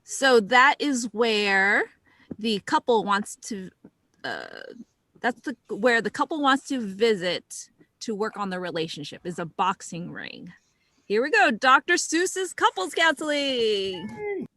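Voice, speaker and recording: A woman's voice: on the high side, animated, slow pace, sharp tone, no echo. Upbeat woman host of an improv show.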